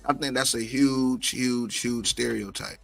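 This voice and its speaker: Gravelly, bright-voiced man, emphatic. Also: medium pitch, fairly even intonation, measured pace. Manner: emphatic, repeats words for stress. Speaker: podcast co-host. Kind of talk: casual chat.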